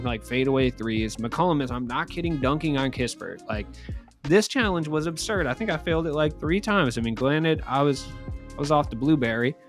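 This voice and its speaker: Chatty young man commentating a game. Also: mid-range voice. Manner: chatty, rambling, joking asides. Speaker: gaming YouTuber.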